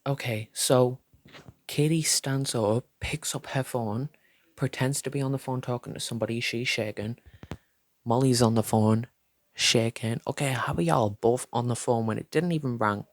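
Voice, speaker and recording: A man's voice: medium pitch, no echo. A young man telling a storytime tale in a sassy, dramatic way, swearing freely. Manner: fast, lively gossip delivery. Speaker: storytime vlogger. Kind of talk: storytime retelling.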